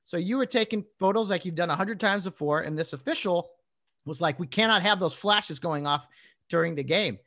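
Higher-voiced man hosting a podcast. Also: brisk, pushed and bright. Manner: hesitant, many fillers, sets up the guest's story. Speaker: podcast host. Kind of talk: casual chat.

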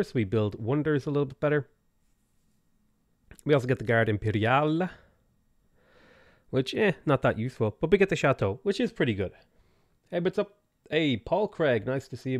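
A man streaming a game, casually greeting viewers by name and giving quick offhand answers to their questions. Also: mid-range voice, animated. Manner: greets chat viewers by name between game setup remarks. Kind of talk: casual live-stream chat.

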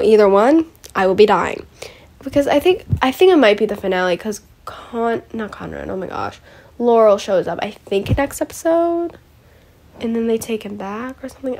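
A woman's voice: a little high, a little mellow. A young woman hosting a solo podcast, rambling emotionally about a show with many fillers and restarts. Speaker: podcast host. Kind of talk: casual solo podcast recap.

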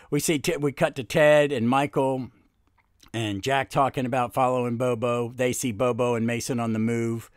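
A man's voice: a little high, fairly even intonation, moderate pace, gravelly, no echo, clean studio sound. A man hosting a comic book podcast, chatting casually and rambling with many fillers and restarts. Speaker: podcast host.

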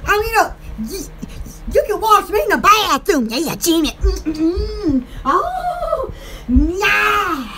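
A woman's voice: very high-pitched, sing-song, takes it slowly, heavy background noise. A woman with a Southern US accent doing casual home-shopping chat about her shop's products, rambling, giggling and exclaiming often. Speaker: small shop owner promoting products.

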